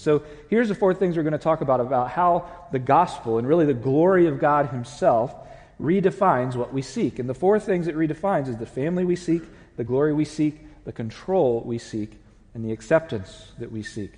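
A man's voice: medium pitch, animated, moderate pace, darkish tone, in a large hall. A man preaching a conversational sermon and putting questions to his congregation. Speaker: pastor. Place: church sanctuary.

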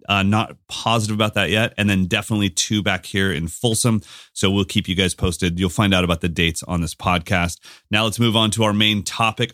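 A man co-hosting a casual podcast, telling stories with animated quoted voices. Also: lowish voice, no room sound, studio quality. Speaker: podcast co-host and drum teacher.

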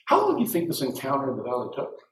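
Brief: man preaching, very animated delivery, bursts of shouting, echoey room. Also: mid-range voice, rapid-fire. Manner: animated, calls on the congregation; shouting at peaks. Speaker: pastor. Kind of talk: sermon. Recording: roomy hall sound from far off.

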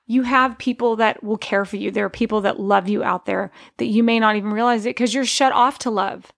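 Earnest woman with a gravelly voice. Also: on the high side, a bit bright, dry recording, clean studio sound. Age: 40s. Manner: earnest, conversational, many fillers and restarts. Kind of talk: personal faith testimony.

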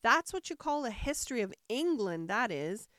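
A woman's voice: a little high, big pitch swings, fairly bright tone, no room sound, clean studio sound. Humpty Dumpty, a woman doing a pompous egg-man. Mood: boastful. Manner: haughty, slow and emphatic, scornful. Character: pompous touchy male egg creature perched on a wall. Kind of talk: storybook reading.

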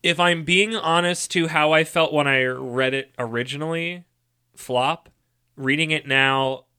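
A man's voice: on the high side, a little slow, bright, forceful tone, smooth. A man co-hosting a podcast, chatting casually and rambling in a jokey, easygoing way. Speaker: podcast co-host. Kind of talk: casual chat.

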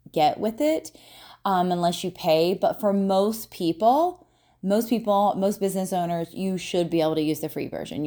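A woman's voice: on the low side, dark tone. A woman hosting a solo podcast, talking casually with lots of fillers and "right?" tag questions. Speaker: podcast host, marketer and business owner.

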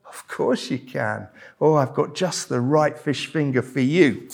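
A man voicing a parent who speaks in a hushed, mock-friendly way while offering the wrong thing. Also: mid-range voice, unhurried, vocal fry, slight background noise. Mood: mock-kind. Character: cheerfully cruel parent offering a stone.

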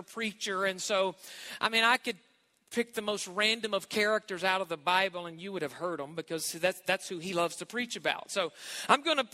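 A man's voice: sits high, sharp tone, in a large hall. A man giving a sermon as a guest preacher, emphatic and stretching key words, with light joking asides.

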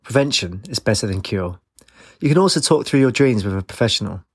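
A curt, disapproving senior male doctor speaking in a dull, abrupt tone, read by a male narrator. The voice is low and gravelly, recorded dry and close. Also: animated, a little fast, no room sound. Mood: stern.

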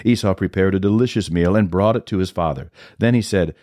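Low dark-voiced male scripture reader, measured delivery, dry close sound. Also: no room sound. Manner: steady, measured reading. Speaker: podcast host reading scripture. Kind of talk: scripture reading.

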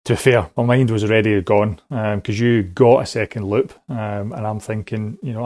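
A man's voice: lowish voice, steady tone, moderate pace, a little mellow, no echo. A man calling in with a story, rambling along with lots of ums and little laughs. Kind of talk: casual recorded voice message.

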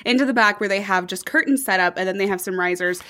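A woman's voice: mid-range voice, fast. A young woman co-hosting a podcast, telling a story with lots of swearing and laughter. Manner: profane, laughing, lively storyteller. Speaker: podcast co-host. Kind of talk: casual chat, storytelling.

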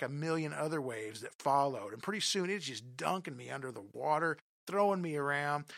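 A man telling a comic personal story in an animated, self-deprecating way, often talking straight to his listeners. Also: on the high side, no echo, studio quality.

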